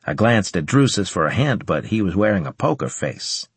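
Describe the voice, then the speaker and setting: Male narrator, first-person audiobook, low husky voice, dry close mic. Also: big pitch swings, moderate pace, no room sound.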